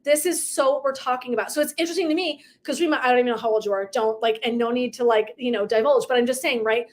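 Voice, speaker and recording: Middle-aged woman, motivational coach, emphatic and effusive, a little high-pitched. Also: quick pace. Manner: effusive, emphatic, tangents and asides. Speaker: purpose and legacy coach. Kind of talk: casual motivational talk to viewers.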